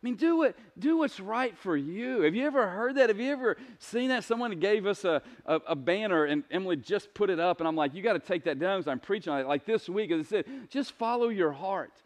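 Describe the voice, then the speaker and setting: A male pastor preaching a sermon in a conversational, animated way, often asking the congregation rhetorical questions. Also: sits high, a little fast, few pauses. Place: church sanctuary.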